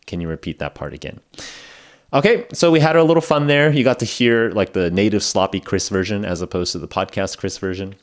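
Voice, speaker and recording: A man's voice: fairly low pitch, a little fast, few pauses. A man hosting an English-learning podcast, talking in a casual, rambling way with lots of fillers and laughing at himself. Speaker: podcast host teaching English. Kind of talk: casual spoken lesson. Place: lives in Japan.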